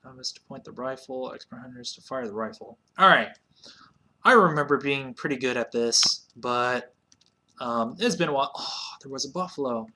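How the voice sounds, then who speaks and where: A man hosts a casual let's play of an old computer game. He chats easily, breaks into sudden excited shouts, and has a bright, tense voice at a middle pitch. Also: moderate pace.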